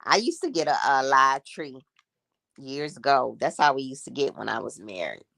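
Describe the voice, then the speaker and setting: A woman in her sixties hosts a casual livestream, gossiping and calling her viewers y'all. Her very deep, creaky voice has lively intonation and a fairly bright tone at a moderate pace, recorded dry with clean studio sound.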